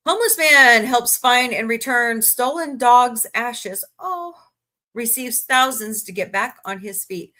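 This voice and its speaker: A woman's voice: on the high side, pushed and bright. A woman hosting a casual livestream, chatting to viewers and reading good-news stories aloud with her own asides, yawning now and then. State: yawning, tired. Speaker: livestream host.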